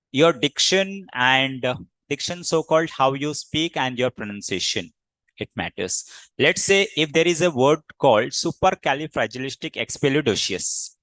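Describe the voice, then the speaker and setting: A man from India leads a public speaking lesson in an instructive, repetitive way, leaning on his key words. His voice sits at an ordinary middle pitch. The sound is dry and close, with no room echo. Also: fairly bright tone. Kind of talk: classroom lecture.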